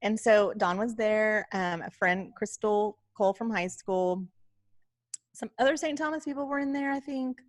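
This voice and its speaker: A woman podcast co-host in casual chat, telling a story in an animated way and often quoting herself and others. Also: medium pitch, moderate pace.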